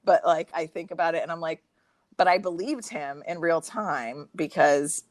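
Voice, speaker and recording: Young woman guest, low voice, dry close sound; loose, profane, animated storytelling. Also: normal speed, dry recording. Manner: profane, filler-heavy, animated retelling. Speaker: podcast guest. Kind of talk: casual storytelling chat.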